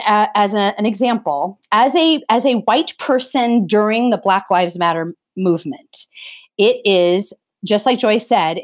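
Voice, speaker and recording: A woman speaking as an interview guest, talking earnestly and with passion, often restarting her sentences. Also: medium pitch. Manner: impassioned, emphatic, frequent restarts. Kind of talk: earnest conversational interview talk.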